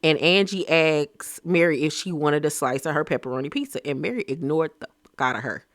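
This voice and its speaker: A man giving a casual, gossipy recap of a reality TV episode, talking in an animated, slang-filled way. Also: a little high, fairly quick, dry recording, clean studio sound.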